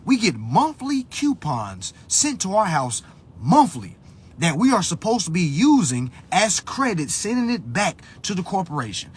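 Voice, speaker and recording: A man's voice: high-pitched, big pitch swings, unhurried, husky. A man ranting bluntly to his live-stream viewers, swearing often and lecturing like a preacher. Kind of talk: profane motivational rant. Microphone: phone.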